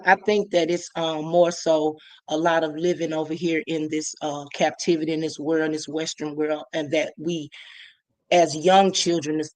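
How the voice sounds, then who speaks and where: A woman from Illinois giving a personal testimony in a halting way, full of fillers and restarts. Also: low-pitched, a little mellow, no echo. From Illinois, USA. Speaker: guest.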